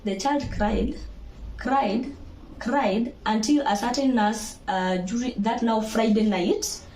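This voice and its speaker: A young Kenyan woman with a Kenyan accent, telling her own birth story to viewers in a lively, laughing way and slipping into Swahili. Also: on the high side, slow pace, a little hiss or hum. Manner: animated, laughing, mixes Swahili into English. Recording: echoey room.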